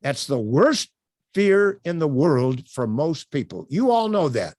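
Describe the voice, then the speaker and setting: Instructor, man, lively and emphatic, lots of "uh" fillers, dry webcam sound. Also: on the high side, unhurried, no room sound. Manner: animated, emphatic, with frequent uh fillers. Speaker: workshop instructor. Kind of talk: live online workshop teaching.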